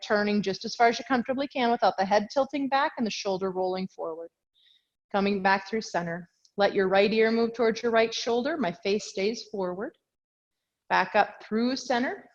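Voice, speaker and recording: With the highs cut off, this video call recording captures a yoga instructor's mid-range voice. She guides the class through poses in a chatty, self-correcting way, slightly out of breath because she's doing the moves too.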